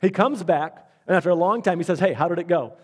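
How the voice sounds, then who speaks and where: A man's voice: high voice, quick pace, husky. A male pastor preaching a sermon, telling stories and repeating his key phrases. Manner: storytelling with acted-out quotes, repeats key phrases.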